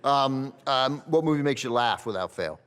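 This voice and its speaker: A man hosts a live podcast interview on stage, speaking in an easy conversational way with plenty of fillers. His voice sits at a middle pitch. A long hall reverb trails each phrase. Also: expressive, normal speed, fairly bright tone, clear, resonant tone. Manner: conversational, many "uh" and "yeah" fillers. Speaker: podcast host. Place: on stage at a film festival before an audience.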